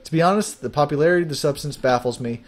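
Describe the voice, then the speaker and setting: A man's voice: a little high, rapid-fire, faint music behind, natural voice. Guy reading a prim proper fairy lady from a game, formal, kinda lecture-y. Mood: lecturing. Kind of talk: reading game dialogue aloud.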